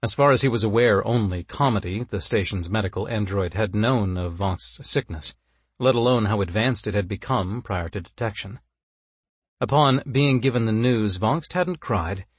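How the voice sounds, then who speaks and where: A man narrating a science fiction story in a measured, even way. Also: fairly low pitch, slightly rough, no echo.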